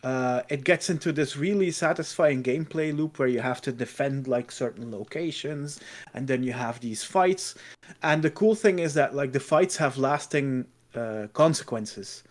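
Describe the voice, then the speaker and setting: A man's voice: medium pitch, moderate pace. A man co-hosting a podcast in casual chat, talking about a game with enthusiasm. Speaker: podcast co-host.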